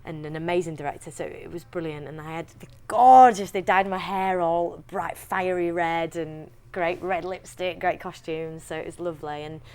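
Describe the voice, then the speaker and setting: A young woman with a Yorkshire accent, chatting in an interview as an actress, talking freely with restarts and quick laughs. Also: on the low side, fairly even intonation, a little mellow, clear, resonant tone. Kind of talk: casual interview chat.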